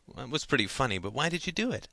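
A man's voice: mid-range voice, big pitch swings, racing, creaky, sharp tone, no echo, voice pushed up, exaggerated voice. A man voicing a curious, outgoing schoolgirl who asks questions.

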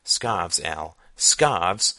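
A man voicing a brisk, sharp-tongued mother in an audiobook, snappy and practical. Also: medium pitch, dry recording, pitched above the performer's own voice. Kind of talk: audiobook character voice.

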